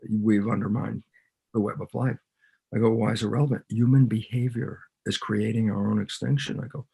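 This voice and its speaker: A man's voice: on the low side, brisk, creaky, breathy edge. A man, a biologist guest on a podcast, explaining ideas in conversation and animatedly acting out both sides of imagined dialogues.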